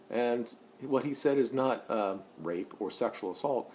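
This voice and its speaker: A man in his forties vlogging an opinion monologue, blunt and profane, rambling with many restarts, and rising loud and high when he gets worked up. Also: measured pace, a little hiss or hum. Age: 40s.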